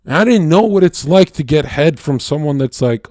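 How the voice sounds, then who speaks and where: A man's voice: a little high, moderate pace, hardly any pauses, darkish tone, no echo, studio quality. A man livestreaming, telling a crude, profane confessional story with stammered restarts. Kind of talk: casual unscripted stream monologue.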